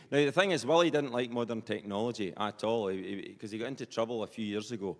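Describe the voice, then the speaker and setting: A man's voice: mid-range voice, quick pace, a bit bright. A man with a Perthshire Scottish accent doing live stand-up comedy, chatty and rambling with lots of colloquial asides. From Scotland. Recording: live stage with long hall reverb.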